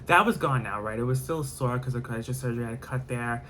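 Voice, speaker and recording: Man, casual vlog storytelling, candid, rambling, graphic, mid pitch, faint background noise. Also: quick pace, a bit bright.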